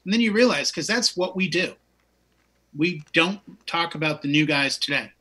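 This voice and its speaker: A man's voice: on the high side, animated, moderate pace, bright, forceful tone, slightly rough. A man in his fifties, a DJ hosting a casual music chat, who talks with enthusiasm and wanders off into long stories. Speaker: DJ and show host.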